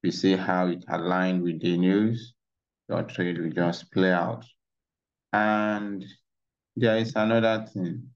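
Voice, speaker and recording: A man's voice: low voice, steady tone, slow pace. A man walking through trading charts in a casual tutorial, rambling and saying "you know" a lot, recorded on a dull lo-fi mic. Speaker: trading instructor. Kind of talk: casual screen-share tutorial.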